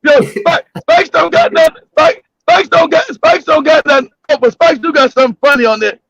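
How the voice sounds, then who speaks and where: A man hosting a casual comedic talk show, telling stories loudly and laughing often. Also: very high-pitched, normal speed, creaky. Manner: loud, laughing, animated storytelling. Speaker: podcast host. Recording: dull dry lo-fi audio.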